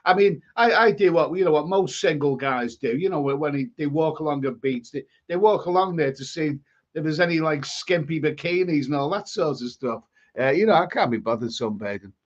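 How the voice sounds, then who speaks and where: A man's voice: on the high side, brisk, highs cut off. A man with a Scouse accent hosting a live stream, chatting casually and rambling through viewer comments with many restarts. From England.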